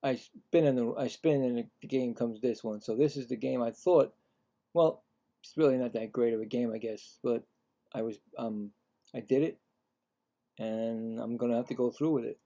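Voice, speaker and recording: A man's voice: medium pitch, moderate pace, lo-fi sound. A man streaming casual live play-by-play commentary, tired and yawning, chatting in rambling asides between calls. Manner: livelier and louder on the calls.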